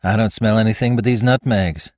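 A man's voice: fairly low pitch, fairly even intonation, fairly quick, dry recording, clean studio sound, natural voice. A man voicing a brusque, evasive country woman who answers shortly in rustic speech. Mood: curt.

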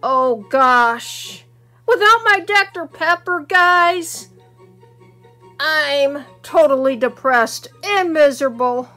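Lady doing a grumpy guy moaning dramatically about his soda, homemade skit, highish voice, faint music behind. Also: animated, takes it slowly, sharp tone, full character voice. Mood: whining. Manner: whiny, dramatic complaining.

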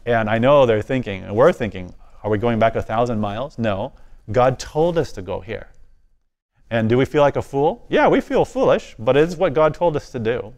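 A man giving a personal testimony as a guest speaker, animated and often dropping his voice low for the quiet moments. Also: normal speed.

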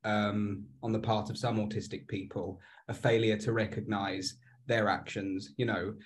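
Soft-spoken male interviewer. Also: on the low side, little pitch movement, normal speed. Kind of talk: conversational interview.

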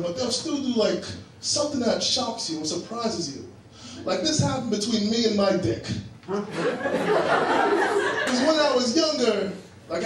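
A young man with a high voice performs stand-up comedy on a club stage, animatedly acting out the people in his stories. He is picked up by a distant mic in a very echoey room. Loud crowd noise sits under his voice. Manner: animated, acts out characters in raised voices. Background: audience laughter.

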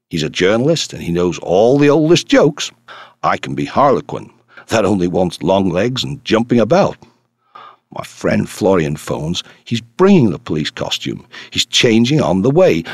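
A boisterous, rough-kind Canadian farmer in an audiobook, as a male reader puts him on, his voice bounding all over in pitch. The tone is low and husky, close and dry. He talks eagerly, as if ready to leap up. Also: dry recording, heavily acted.

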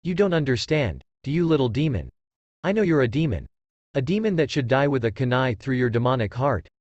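A man's voice: medium pitch, very animated, fairly quick, darkish tone, no echo, highs cut off, close to an everyday voice. A man reading the lines of a scheming, taunting male ninja teacher in a fan story. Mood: vicious. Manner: taunting, threatening.

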